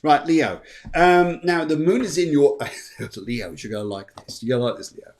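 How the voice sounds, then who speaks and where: This live astrology host is a middle-aged man whose pitch is fairly high and whose speed is normal. Reading horoscopes in a chatty stream, he wanders off on tangents, cracks jokes, does silly voices, and thanks viewers warmly.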